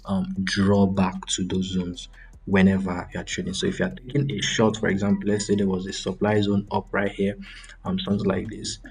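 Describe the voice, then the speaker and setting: Give me a young man with a slightly low, husky voice casually explaining a trade step by step. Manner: casual explaining, frequent ums and self-corrections. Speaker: trading channel host. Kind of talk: live screen-share trading breakdown.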